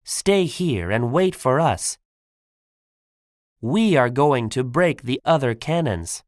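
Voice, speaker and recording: A man's voice: mid-range voice, animated, slow pace, no room sound, clean studio sound. A man reading an audiobook for learners, voicing a stern female tiger warrior who speaks firmly and commandingly.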